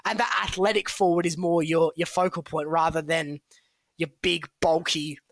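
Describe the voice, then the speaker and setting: Bright-voiced man. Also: fairly high pitch, fairly even intonation, moderate pace, creaky, dry recording. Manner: chatty, analytical, hedging with fillers. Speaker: football draft analyst, co-host. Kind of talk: casual podcast chat.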